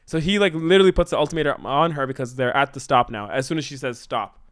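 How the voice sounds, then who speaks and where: A man brainstorming a story in casual chat, excitedly acting out the characters' lines. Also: on the high side, quick pace, clean tone, no echo. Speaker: co-host writing a musical.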